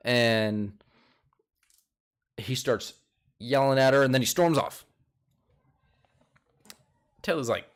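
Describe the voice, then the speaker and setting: Young male host, casual recap chat, animated retelling, mid-range voice. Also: mid-range voice, slow, pauses often. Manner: animated retelling, quotes people in a raised voice.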